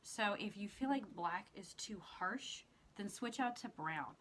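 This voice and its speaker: A woman's voice: medium pitch, lively intonation, unhurried, a bit bright, a little hiss or hum. A woman hosting a makeup tutorial, talking casually through each step as she works, with her eyes watering. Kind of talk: casual how-to demonstration.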